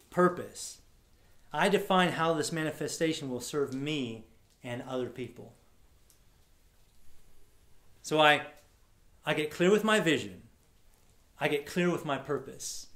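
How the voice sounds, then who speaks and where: A man giving an energetic, casual storytelling talk to a live audience at an event. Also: fairly high pitch. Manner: energetic, casual, swears now and then. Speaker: workshop speaker. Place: large room at a live event. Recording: echoey room sound.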